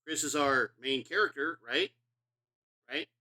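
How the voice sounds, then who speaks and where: A man's voice: medium pitch, a little slow, bright, forceful tone. A middle-aged man streaming a video game, rambling and profane in casual commentary, self-mocking as he talks.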